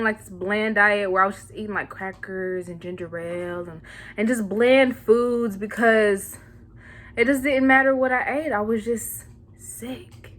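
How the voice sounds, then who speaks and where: Bright, sassy young woman vlogger. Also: a little high. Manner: sassy, animated, playful slang, laughs often. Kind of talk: casual chat to camera.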